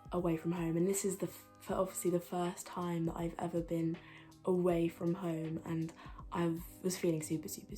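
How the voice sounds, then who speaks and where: Chatty young woman, flat low voice. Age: young adult. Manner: chatty, rambling with many fillers and restarts. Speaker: student vlogger. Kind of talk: casual chat to camera.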